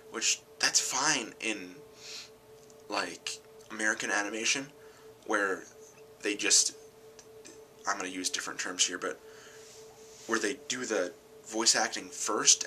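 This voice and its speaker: A tired man rambling casually about an anime film, correcting himself often and getting animated when something annoys him. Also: fairly low pitch, a little hiss or hum, low-quality recording. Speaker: channel host.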